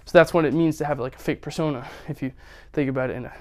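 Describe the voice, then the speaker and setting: A man's voice: fairly high pitch, fairly even intonation, very fast. A young man talking in a rambling, casual way, full of fillers, while working out in a home gym. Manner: rambling, many fillers, breathy strained sighs between reps. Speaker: vlogger filming his workout.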